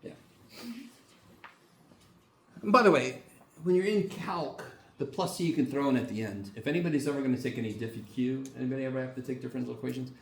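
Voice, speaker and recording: A man's voice: medium pitch, very fast, gravelly, distant mic. Male math lecturer, loose and jokey with salty language, recorded from across an echoey classroom with faint room hum. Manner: casual, joking, swears freely, animated.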